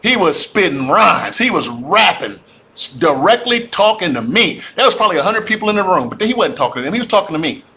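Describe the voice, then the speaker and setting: A man with a high voice speaks fairly quickly over slight background noise. The real estate investor speaker is animated and preachy in his fired-up livestream about real estate, calling out to his audience as "y'all."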